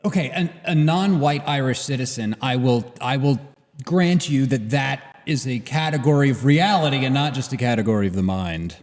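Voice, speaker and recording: A man's voice: mid-range voice, animated, moderate pace, darkish tone, in a large hall. A man co-hosting a political talk show, arguing emphatically and repeating his points. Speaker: podcast co-host. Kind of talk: casual political debate.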